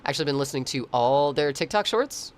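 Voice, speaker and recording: A man's voice: on the high side, animated, fast talker. A man streaming and chatting casually with viewers, rambling, swearing freely and laughing often. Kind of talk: casual chat.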